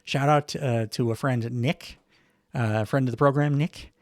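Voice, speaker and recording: Male podcast host, middle-aged, mid-pitched, wry and chuckling, dry close sound. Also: fairly even intonation, a little slow, no echo. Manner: rambling, wry, chuckles often, many fillers. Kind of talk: casual solo wrestling recap.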